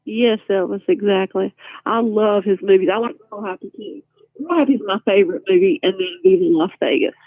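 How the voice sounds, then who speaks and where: A woman's voice: mid-range voice, a little fast, no echo. A playful woman chats on a live stream, laughing easily as she answers viewers. Her voice comes through a thin, phone-like line with a dry, close sound. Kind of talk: casual live-stream chat.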